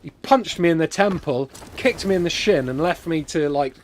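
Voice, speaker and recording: A man and podcast co-host telling an absurd, exaggerated comic story in an animated, deadpan way. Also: a little high, moderate pace, a little hiss or hum. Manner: animated, deadpan tall-tale telling with sudden jumps in volume.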